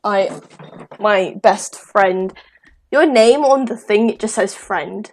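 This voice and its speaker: A woman's voice: medium pitch, slow pace, darkish tone. A young woman chatting casually with a friend while playing a ghost-hunting game, with jumpy exclamations. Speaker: gamer. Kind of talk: casual chat while gaming.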